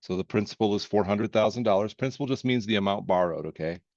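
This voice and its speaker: A man with a low voice teaches accounting in a casual, joking way, walking through each problem step by step. He sounds close to a dry mic, with little room sound. The recording is a bit dull and muffled at the top. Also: quick pace, a little mellow, dry recording. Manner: folksy and joking, with verbal asides. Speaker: accounting instructor.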